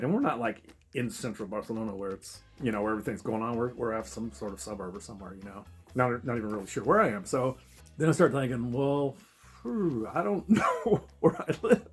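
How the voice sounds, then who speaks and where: A man telling a travel story in a casual, profane way, laughing as he goes. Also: lowish voice. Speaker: travel vlogger.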